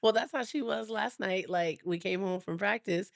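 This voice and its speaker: Woman, thirties, animated, teasing, quick comebacks, dry close sound. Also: medium pitch, creaky, dry recording. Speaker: podcast co-host. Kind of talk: casual chat.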